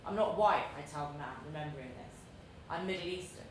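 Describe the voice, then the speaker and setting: This is a woman in her thirties from London, with the accent to match, giving a live reading of her own personal essay in a deliberate, measured and dryly wry style. Her somewhat low voice bounces heavily around a big, echoey museum event space, and a faint noise runs underneath.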